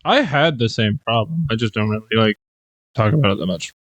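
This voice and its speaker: A young man co-hosting a podcast, chatting casually and quick to laugh. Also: on the low side, lively intonation, dry recording. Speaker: podcast co-host. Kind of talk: casual chat.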